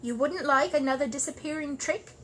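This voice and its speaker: A polite little bear, voiced by a woman reading a storybook, speaks in a high, hopeful, slightly apologetic voice. His tone is bright and lively. A faint hiss sits under the recording. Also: a little fast. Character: polite, earnest young bear.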